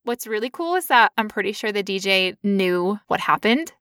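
Young woman telling a story, animated, squeaky quoted bits, bright and dry. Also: moderate pace, clean tone, no room sound. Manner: animated, acts out quotes in high voices. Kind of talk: casual storytelling chat.

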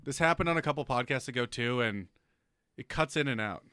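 A Canadian man co-hosting a casual podcast, animated and swearing, a little tipsy. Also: mid-range voice, brisk, clean tone, no room sound, clean studio sound. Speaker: podcast co-host. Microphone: studio mic.

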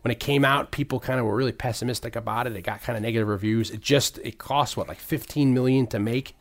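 A middle-aged man hosts a podcast, talking fast in a steady, medium-pitched voice. He chats casually about movies, rambling with lots of restarts and filler words.

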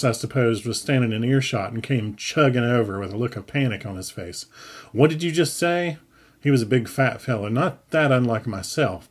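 A man reading his own story aloud in a wry, unhurried storytelling manner. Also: medium pitch, husky. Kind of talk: audiobook narration.

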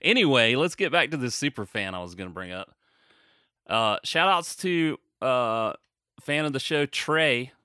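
A man co-hosting a podcast in casual chat, rambling and self-deprecating, quick to laugh. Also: medium pitch, expressive, pushed and bright, clear, resonant tone, no echo, studio quality. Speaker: podcast co-host.

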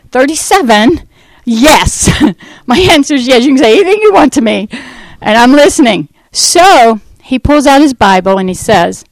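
A woman from the United States telling her life testimony, acting out the dialogue in lively fashion. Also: on the high side, dry recording, rough recording. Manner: animated storyteller acting out dialogue. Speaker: ministry founder giving testimony. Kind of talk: personal testimony talk.

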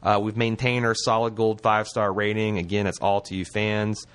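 Low-voiced rambling podcast host. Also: male voice, little pitch movement, moderate pace, a bit bright, clear, resonant tone. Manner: rambling, loose, jokey. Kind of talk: casual podcast chat.

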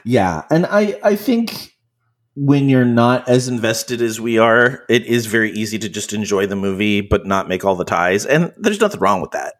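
A man co-hosting a podcast in casual chat, relaxed and hedging with plenty of "you know" and "kind of". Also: on the low side, moderate pace. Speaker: podcast co-host.

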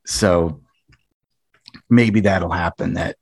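A man co-hosting a casual panel chat, relaxed and rambling with many fillers. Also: low-pitched, very slow, slightly rough. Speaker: podcast co-host.

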